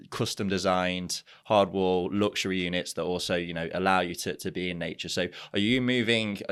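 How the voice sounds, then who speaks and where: A man's voice: sits low, a bit bright. A man from the United Kingdom hosting an interview podcast, asking questions hesitantly and repeating words as he goes. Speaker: podcast host. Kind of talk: casual interview chat.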